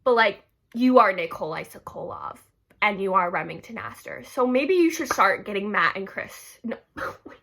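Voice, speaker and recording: A woman's voice: medium pitch, lively intonation, normal speed, creaky, a bit bright. A young woman rambling casually in a vlog, giggly and gushing, with constant "like" fillers. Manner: giggly, gushing, heavy use of "like". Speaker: book vlogger.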